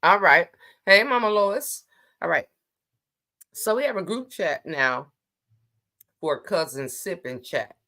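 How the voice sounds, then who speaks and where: Low-voiced woman hosting a casual livestream. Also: expressive, slow, long pauses, sharp tone. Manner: chatty, teasing, greets viewers by name. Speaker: livestream host.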